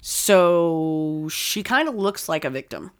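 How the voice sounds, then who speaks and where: A woman's voice: sits low, animated, slow pace, smooth. A woman co-hosting a casual true-crime podcast. She swears freely and drops dry, sarcastic asides while she recounts the case. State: sore tooth. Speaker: podcast co-host.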